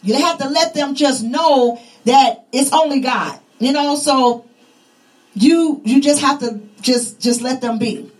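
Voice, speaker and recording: A woman's voice: high-pitched, takes it slowly, rough recording. A woman preaching a sermon, fervent and repetitive, her voice rising and falling with emphasis.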